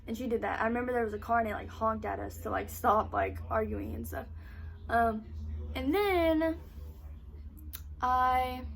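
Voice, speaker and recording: A young woman telling a casual storytime vlog, animated, swearing freely and saying "like" constantly. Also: on the high side, creaky, slight background noise. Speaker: vlogger.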